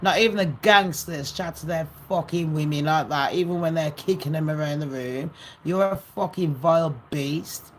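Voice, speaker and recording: A woman's voice: low voice, moderate pace, a little hiss or hum. A woman vlogging gossip in a ranting, sarcastic monologue full of swearing and scorn.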